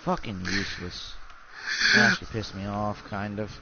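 Gaming alongside a friend, a young man vents in exasperated, profane banter full of swearing and ranting. His voice is on the low side and sing-song at normal speed, recorded in dull lo-fi with faint noise.

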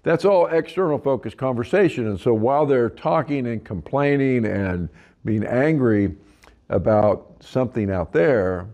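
Gravelly-voiced man teaching facilitators. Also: medium pitch, lively intonation, a little slow, mellow. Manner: acts out client quotes in a livelier voice. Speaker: trainer for facilitators. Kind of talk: instructional talk.

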